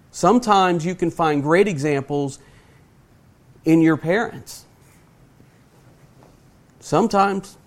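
Middle-aged male preacher, sermon delivery, earnest and emphatic, slightly raised pitch. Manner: earnest, emphatic, speaks slowly to stress points; asks the audience direct questions.

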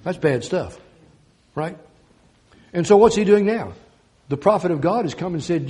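A man preaching a sermon, declaiming scripture slowly and swinging from loud emphasis to quiet intensity. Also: fairly high pitch, expressive.

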